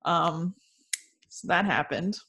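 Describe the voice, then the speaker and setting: A young woman co-hosting a casual chat, animated and joking, often laughing. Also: on the low side, takes it slowly, breathy edge.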